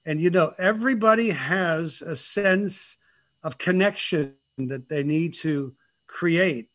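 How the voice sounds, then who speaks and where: An older man, a guest on a talk show, telling stories in a lively, animated way and laughing often. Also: fairly high pitch, takes it slowly. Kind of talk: casual interview chat.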